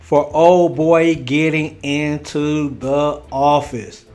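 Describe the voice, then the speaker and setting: A man's voice: fairly high pitch, takes it slowly, few pauses, soft background music. A man hosting a casual reaction channel, talking in a laid-back drawl and laughing along with the clips.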